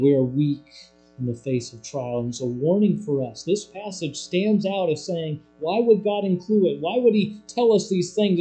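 A male preacher delivers a sermon in a mid-range voice. He drops to hushed, low lines, then rises to loud, emphatic points. Soft music runs faintly underneath. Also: low-quality recording.

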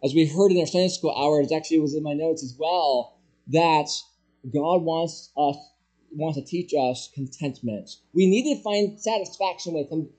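A man preaching with a fairly high voice that climbs and booms on key points, then drops to near-hushed asides. He keeps putting rhetorical questions to the congregation and drives each point home with strong emphasis. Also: normal speed. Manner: emphatic preaching with rhetorical questions, swinging from loud highs to quiet lows. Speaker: pastor. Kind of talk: sermon.

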